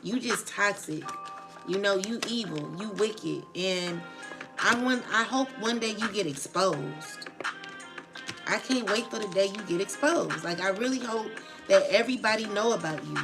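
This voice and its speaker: An expressive, unhurried woman with a medium-pitched voice livestreams an emotional rant on her tarot channel, background music behind her. She sounds agitated, swears in casual slang, and often asks "you know what I'm saying."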